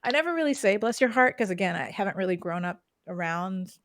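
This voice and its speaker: A woman's voice: on the low side, animated, fast talker, no room sound, clean studio sound. A woman co-hosting a casual podcast chat, laughing often and acting out phrases she quotes. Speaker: podcast co-host. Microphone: podcast microphone, streamed live.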